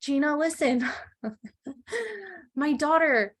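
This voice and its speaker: A woman's voice: high-pitched, normal speed, fairly bright tone, voice pushed up. A woman voicing a hapless merchant father in a fairytale retelling, pleading and flustered.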